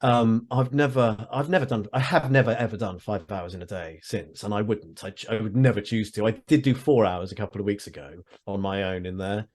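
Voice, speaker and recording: A man's voice: lowish voice, fairly quick, few pauses, a little mellow. Rambling man, wry and restarting. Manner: rambling, self-interrupting, wry. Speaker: guest, actor and audiobook narrator. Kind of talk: casual chat over video call. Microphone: headphones on a video call.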